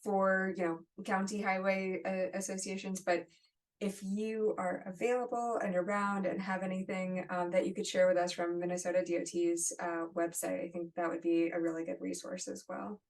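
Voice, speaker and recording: A woman's voice: on the low side, level tone, normal speed. Woman moderating a webinar, distant mic. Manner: conversational, friendly, apologetic asides. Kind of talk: answering audience questions. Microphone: video call.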